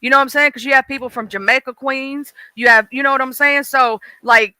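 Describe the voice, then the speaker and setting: A woman's voice: sits high, steady tone, fairly quick, pushed and bright, clean tone, no room sound. A woman with a mixed Southern accent, chatting casually on a live stream and talking straight to her viewers in a folksy way.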